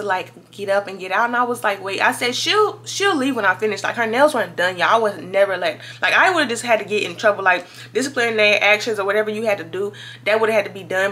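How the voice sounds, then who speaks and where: A young woman in her twenties talks straight to her viewers in a casual storytime vlog. Her voice is bright and clear, and her delivery is chatty and animated. She keeps calling out to her audience as she tells the story. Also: mid-range voice. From Louisiana. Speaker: vlogger.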